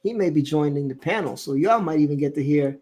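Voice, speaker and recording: Brief: male live-stream host, slightly high voice, playful, reads viewer comments. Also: fast, warm tone. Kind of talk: casual live-stream chat.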